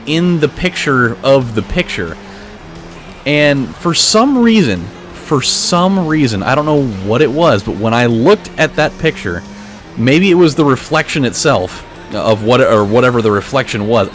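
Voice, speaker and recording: A man's voice: mid-range voice, fairly bright tone. A man hosting a gameplay video, telling a long story in a rambling way, full of restarts and swearing. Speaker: let's play host. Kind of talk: casual gameplay commentary, telling a dream.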